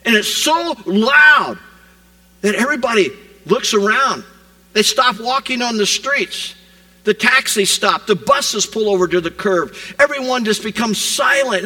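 A man preaching a sermon, retelling scripture as a vivid modern scene, rising loud and dropping to a hush. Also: sits high, low-quality recording. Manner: animated storytelling preacher, swings from loud to hushed. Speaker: pastor.

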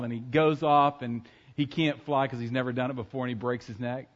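A man preaching a sermon in church, talking casually and joking with the congregation, now and then breaking into loud acted shouts. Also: fairly high pitch, steady tone, brisk, dull audio. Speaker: pastor. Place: church sanctuary.

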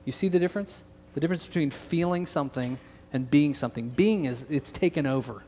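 A man's voice: on the high side, brisk, darkish tone, slight background noise. Earnest preacher man in a reverberant hall. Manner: earnest, emphatic, with joking asides. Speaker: pastor. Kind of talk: sermon. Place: large church hall.

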